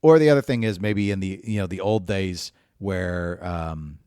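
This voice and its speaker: A man's voice: low voice, moderate pace, dark tone, clean tone, no room sound, studio quality. A man co-hosting a gaming podcast in casual chat, thinking aloud with frequent restarts. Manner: hesitant, restarts often while thinking aloud. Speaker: podcast co-host.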